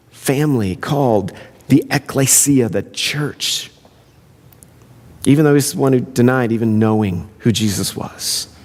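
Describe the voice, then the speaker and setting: A man's voice: mid-range voice, darkish tone, big-room sound. A man pastor preaching a sermon in an earnest, conversational way. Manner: conversational, earnest, self-interrupting.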